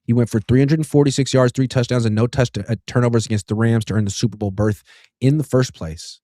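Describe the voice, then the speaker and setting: A man's voice: medium pitch, steady tone, fast talker, mellow. A man in his thirties with a mid-range voice hosts a sports chat, reading out viewer comments and replying easily. The recording is dry, with no room echo. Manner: easygoing, reads super chats aloud. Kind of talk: casual sports talk.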